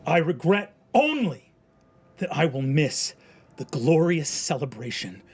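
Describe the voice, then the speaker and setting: A man's voice: on the high side, very animated, a little slow, slightly rough, full character voice. A man voicing a condemned prisoner who defies his executioners from the gallows, speaking in a raised and strained voice. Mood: defiant. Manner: defiant proclamation, raised and strained.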